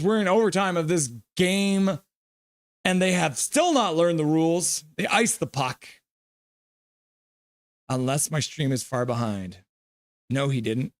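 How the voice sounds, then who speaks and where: A man with a high-pitched voice calls a hockey game live for his stream audience, describing each play and reading out viewer comments. He is recorded dry and close to the microphone, with little room sound around him. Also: dry recording. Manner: calls the play in a low steady voice, then erupts into shouting; reads chat messages aloud. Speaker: livestream host reacting to a hockey game.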